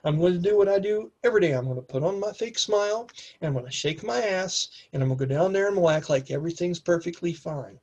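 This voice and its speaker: A woman's voice: on the low side, animated, fast talker, a little mellow, dull audio. A man voicing a sassy, furious young barmaid who gives threatening orders. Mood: sarcastic.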